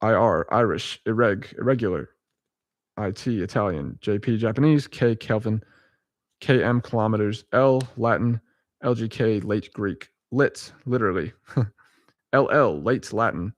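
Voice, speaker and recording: A man's voice: lowish voice, measured pace, dry recording. A man in a casual vlog reading dictionary abbreviations aloud letter by letter. He chuckles often, corrects himself and drifts into rambling asides. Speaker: vlogger.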